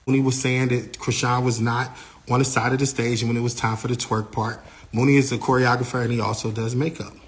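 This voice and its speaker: A man, a manager, giving a lively first-person account of an incident, his voice rising and getting louder as he gets heated. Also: fairly quick. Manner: animated, grows louder and higher when heated.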